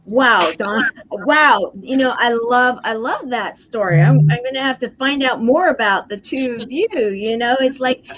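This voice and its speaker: Slow, effusive woman host, lo-fi audio. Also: on the high side, a bit bright, slight background noise. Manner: effusive, emphatic. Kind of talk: casual chat. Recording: dull lo-fi audio.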